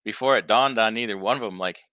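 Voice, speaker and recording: A man's voice: on the low side, fast, pushed and bright, smooth, no echo. A man, a guest on a live talk show, telling a funny story with chuckles and repeated words.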